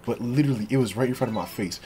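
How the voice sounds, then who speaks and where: A man giving excitable, slangy, joking commentary while playing a video game, swinging from low mutters to yells. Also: very fast, a little hiss or hum. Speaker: gaming streamer. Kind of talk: let's play commentary.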